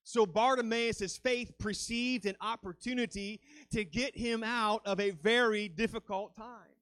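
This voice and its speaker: A man's voice: sits high, fairly even intonation, measured pace, a bit bright, no echo. A man preaching a sermon as a guest speaker, fervent and dramatic, rising and falling as he acts out quoted lines.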